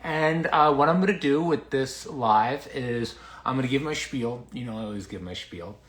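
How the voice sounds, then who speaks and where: Doctor guy chatting live from his basement, excitable and rambly, mid pitch, bit out of breath, roomy echo. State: a little out of breath. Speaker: dermatologist hosting a livestream. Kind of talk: casual livestream chat. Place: home basement. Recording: echoey room.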